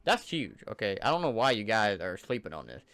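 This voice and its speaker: A man's voice: lowish voice, big pitch swings, a little fast, a bit bright, clear, resonant tone, dry recording. A man giving casual, enthusiastic commentary over gameplay footage in a loose, conversational way. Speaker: gaming channel creator.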